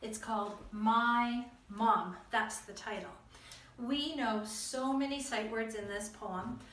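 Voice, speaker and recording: A woman's voice: a little high, slow, a bit bright, reverberant, far from the mic. A woman teaching young children to read, patient and encouraging, spelling out words letter by letter. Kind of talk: reading lesson for young children.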